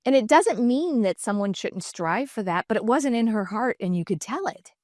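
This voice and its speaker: A woman's voice: a little high, normal speed, no echo, studio quality. A middle-aged woman, a guest on a podcast, telling personal stories candidly and animatedly, slipping into other voices when she quotes people. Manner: animated, acts out quoted dialogue in shifting voices. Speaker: podcast guest, designer and entrepreneur. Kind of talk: candid conversational storytelling.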